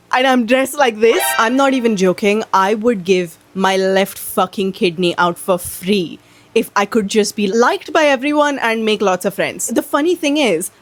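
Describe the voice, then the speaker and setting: A woman's voice: fairly high pitch, expressive, unhurried, soft background music. A young woman vlogging in a candid, self-mocking way, swearing freely as she chats. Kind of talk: casual confessional chat.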